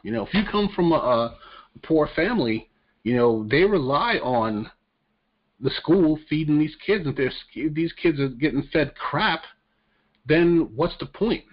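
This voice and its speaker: A man's voice: a little high, animated, unhurried. A man hosting a podcast, talking casually about politics in a crude, profane, joking way. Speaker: podcast host. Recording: dull lo-fi audio.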